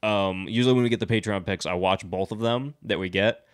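A man hosting a casual podcast chat, excitable, laughing and swearing freely as he rants. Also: on the low side, a little fast, smooth. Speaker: podcast host.

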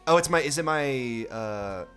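A man playing a tabletop game, talking excitably and breaking into sudden loud bursts. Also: mid-range voice, unhurried, faint music behind. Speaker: player.

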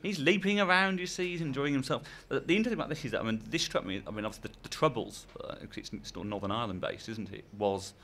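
A man's voice: medium pitch, rapid-fire, hardly any pauses, a bit bright, slight background noise. A man hosting an interview, asking chatty, eager, rambling questions. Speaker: interviewer, host.

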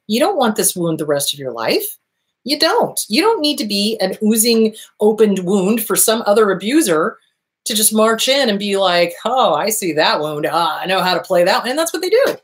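A woman therapist hosting an advice talk, speaking bluntly and emphatically with frequent profanity and acted-out bits of dialogue. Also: medium pitch. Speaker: therapist and show host. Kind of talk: direct-to-camera advice talk.

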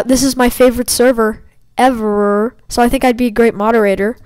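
A woman's voice: on the high side, steady tone, fairly quick, darkish tone, clean tone, no room sound, rough recording. A woman giving casual gaming commentary as she plays, trash-talking her opponents playfully. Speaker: gameplay commentator.

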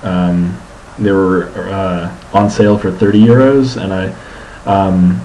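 Young man, low voice, casual video diary, rambling, filler-heavy, faint room hiss. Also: fairly even intonation, slow pace, warm tone, low-quality recording. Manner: rambling, many ums and restarts. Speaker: student vlogger.

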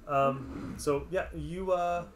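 A man's voice: a little high, takes it slowly, slight background noise. Hesitant male game master, casual. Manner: casual, hesitant, many fillers. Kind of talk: narrating a tabletop adventure.

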